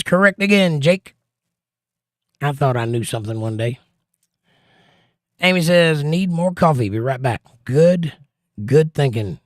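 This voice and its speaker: A middle-aged livestream host reads out viewer comments with dry, teasing humor during a casual stream chat. His voice sits on the high side, captured as a dry recording with clean studio sound.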